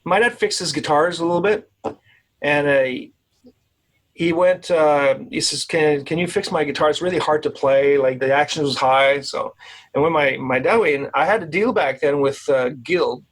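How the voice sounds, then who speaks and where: A man with a Quebec French accent tells a story as a guest on a video call. His voice sits a little high for a man. He rambles and restarts often, acting out the other people in his tale. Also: normal speed, rough recording. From Quebec, Canada. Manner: rambling, many restarts, quotes others in the telling. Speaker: guest guitarist. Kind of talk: casual interview storytelling.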